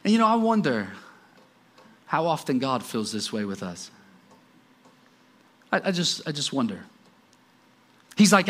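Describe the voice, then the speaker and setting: A man's voice: a little high, very animated, unhurried, pauses often. A man in his forties preaching a sermon, telling family stories with self-deprecating humor. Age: 40s. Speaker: pastor.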